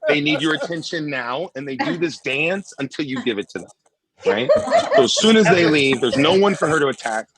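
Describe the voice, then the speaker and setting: Animated male stand-up storyteller. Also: on the high side, a little fast, over a noisy crowd, low-quality recording. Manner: animated, storytelling, punchy asides; frequent "right?" check-ins. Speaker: stand-up comedian. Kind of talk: live stand-up routine. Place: home, streamed live.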